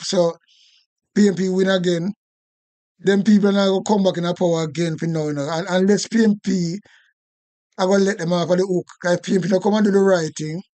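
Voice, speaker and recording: A man's voice: high voice, a little mellow. A man with a Jamaican accent ranting indignantly on a live stream, repeating himself and swearing. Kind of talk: casual political rant.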